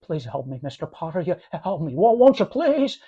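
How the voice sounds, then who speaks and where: A man's voice: high voice, lively intonation, fairly quick, a little mellow, slightly rough. A man doing an impression of a desperate young man who stammers and repeats himself while begging for help, in a dull, muffled recording. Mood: pleading. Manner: stammering, pleading, repeats words. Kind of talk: voice impression of a film scene.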